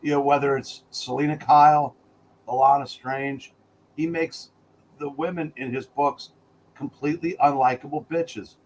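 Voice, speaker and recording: Dude co-hosting a chat, blunt, rambly, says you know a lot, faint hiss behind. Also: male voice, medium pitch, fairly even intonation, moderate pace, darkish tone, low-quality recording. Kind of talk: casual chat.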